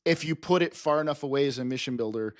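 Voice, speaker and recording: A man's voice: medium pitch, fast talker, no room sound, studio quality. A man co-hosting a podcast in casual chat, talking enthusiastically and rambling with restarts. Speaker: podcast co-host.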